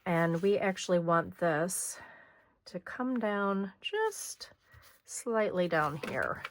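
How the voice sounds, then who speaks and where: A middle-aged woman hosting a hands-on scrapbooking tutorial, chatting casually as she works and clearing a slightly hoarse throat now and then. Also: on the low side, sing-song, takes it slowly, slight background noise. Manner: chatty, talks while working, frequent throat clearing. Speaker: scrapbooking host.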